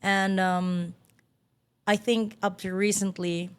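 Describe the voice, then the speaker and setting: A woman's voice: mid-range voice, level tone, slow pace, smooth. Reflective woman podcast guest. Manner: earnest, reflective, thinking aloud. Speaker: guest, content creator. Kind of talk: casual chat.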